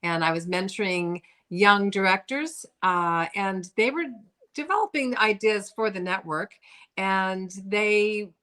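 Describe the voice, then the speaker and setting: A woman's voice: mid-range voice, unhurried, pushed and bright. A woman director and co-creator speaking on a video call, upbeat and explaining at length. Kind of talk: casual interview.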